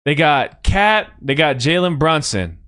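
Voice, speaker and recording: A man's voice: a little high, big pitch swings, unhurried, fairly bright tone. A young man hosting a sports podcast, ranting in a heated, casual way and swearing often. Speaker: podcast host.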